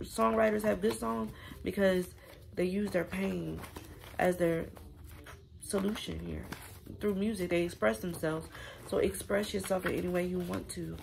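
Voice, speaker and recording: A woman's voice: medium pitch, creaky, a little mellow. A woman giving a casual spiritual reading, chatty and affirming, speaking straight to her viewers. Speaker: tarot reader.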